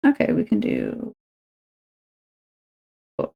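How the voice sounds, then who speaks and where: A woman's voice: takes it slowly, highs cut off. A woman, chatting and rambling to herself and her viewers while she crafts on a stream. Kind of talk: casual chat while crafting.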